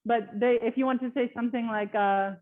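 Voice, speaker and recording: A woman's voice: a little high, steady tone, fairly quick. Chatty woman on a tinny call. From Canada. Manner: chatty, laughs often, lots of fillers. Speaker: guest speaker. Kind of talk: casual webinar talk. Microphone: video call. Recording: tinny phone-like call audio.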